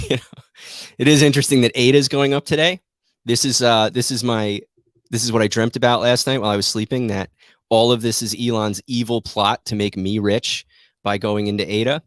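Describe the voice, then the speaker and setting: A man's voice: mid-range voice, fairly even intonation, moderate pace, no room sound, clean studio sound. A man hosting a trading show, giving rambling, self-deprecating market commentary that keeps turning into a rant.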